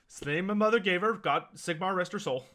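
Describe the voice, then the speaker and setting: A chatty, homely tavern keeper in a tabletop fantasy game, voiced by a man. He sounds friendly and folksy, with a high, bright voice that carries. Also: quick pace. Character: friendly homely middle-aged male tavern barkeep.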